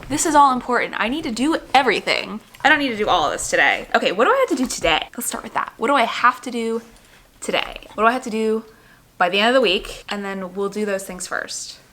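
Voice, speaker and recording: Chatty young woman with a bright voice. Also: mid-range voice, expressive, fast. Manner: chatty, frequent "like", talks to her dog. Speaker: vlogger. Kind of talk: casual vlog chat to camera. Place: at home indoors.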